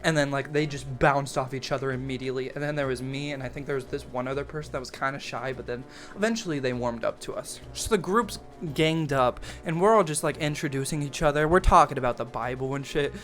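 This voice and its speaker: A young adult man telling a camp story in a casual, profane, animated way, full of slang and "like". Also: mid-range voice, quick pace, few pauses, soft background music. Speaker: storytime YouTuber.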